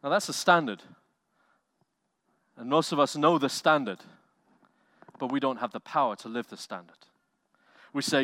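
A male pastor preaching a sermon with animated delivery, swinging from loud bursts to quiet, low lines and acting out quotes. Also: moderate pace, long pauses, no room sound. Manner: animated preaching with acted-out quotes, loud swells and soft drops.

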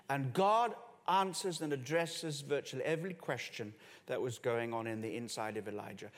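A man preaching a sermon, swinging between hushed low passages and raised emphatic ones. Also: moderate pace. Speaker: pastor. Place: church hall with congregation and musicians. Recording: long reverb of a church hall.

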